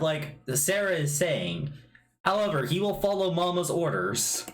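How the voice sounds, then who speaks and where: Slow laid-back game master narrating a tabletop game, swears a lot, checks rules out loud. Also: medium pitch, very animated. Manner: casual, swears freely, checks rules aloud.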